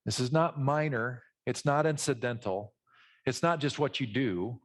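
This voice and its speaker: A middle-aged man preaching a conversational, animated sermon, teaching from a Bible passage and acting out voices in asides. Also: medium pitch, measured pace. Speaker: pastor.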